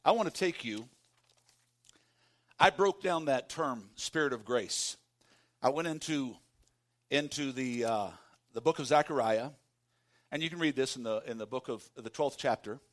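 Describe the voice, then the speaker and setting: A man preaching a sermon as pastor, calling on the congregation to repeat lines after him and swinging from hushed tones to shouts. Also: medium pitch, a little slow, pauses often. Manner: calls for congregation responses.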